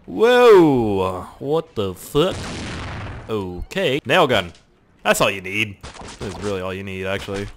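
A lowish, slow-paced voice belongs to a young man from Canada, recorded with a slight hiss or hum. He's a gaming YouTuber giving crude, joking commentary, swearing heavily and bursting out energetically.

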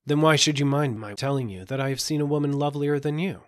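A man reading a fairy tale, voicing a clever young squire who speaks with calm, teasing confidence. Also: on the high side, quick pace, voice pushed up, lightly acted. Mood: sly.

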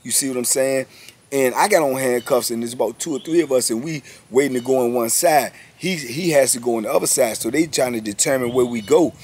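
A man's voice: medium pitch, brisk, darkish tone, a little hiss or hum. A man in his fifties telling a story about his past in casual, slangy speech, leaning on emphatic repeated phrases.

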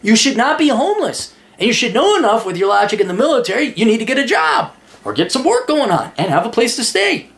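Blunt, lively man ranting. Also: very high-pitched, fast talker, creaky. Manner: blunt, profane, animated; reads listener's letter aloud. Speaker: advice podcast host. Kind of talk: casual advice monologue.

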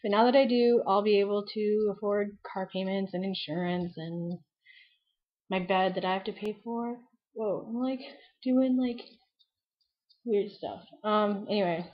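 A young woman of about nineteen rambles cheerfully to her webcam, scattering likes and ums through every sentence. Her voice sits at an ordinary middle pitch. The audio is a bit dull and lo-fi, like a built-in camera mic. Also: steady tone, measured pace. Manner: chatty and rambling, heavy use of "like" and "um". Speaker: beauty vlogger. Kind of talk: casual chat to camera.

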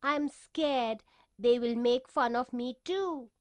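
A woman's voice: a little high, slow, a little mellow, dry recording. A woman reading the lines of a young schoolboy in a children's storybook, sounding hurt at times and firm at others. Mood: timid. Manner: tearful then firm. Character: upset young schoolboy with curly hair.

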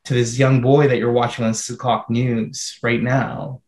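A man who works as a filmmaker answers questions in a Q&A interview. He talks in an even, flat tone, searching for words with many fillers and restarts. The sound is roomy and echoey, as over a video call. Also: mid-range voice, moderate pace. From Canada.

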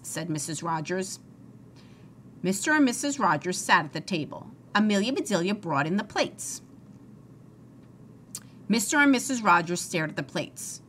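A woman reads a children's storybook aloud in an expressive, sing-song way. Her voice is bright and lively in pitch, and a faint hiss sits beneath it. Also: moderate pace. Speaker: storybook reader. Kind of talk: reading a children's book aloud.

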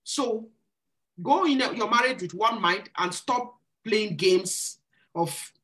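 On a live stream, a woman hosting a church singles Q&A gives earnest, preacherly advice on marriage and courtship, repeating phrases for emphasis. Her voice is medium-pitched, animated and a bit bright, and she takes her time.

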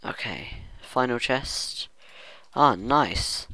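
A man's voice: mid-range voice, lively intonation, very slow, vocal fry, bright, forceful tone, no echo. A man talking through his own gameplay in a rambling let's-play commentary, musing aloud to himself and humming now and then. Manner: rambling self-talk, hums and muses aloud. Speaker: gaming channel host.

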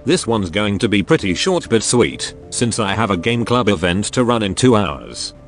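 A synthetic male text-to-speech voice narrating a story in a flat machine reading. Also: on the low side, moderate pace, faint music behind.

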